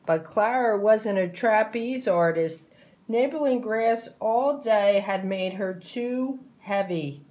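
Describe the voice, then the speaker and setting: A woman narrating a children's picture book aloud, clear and expressive. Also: medium pitch. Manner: slow, clear, expressive storytelling.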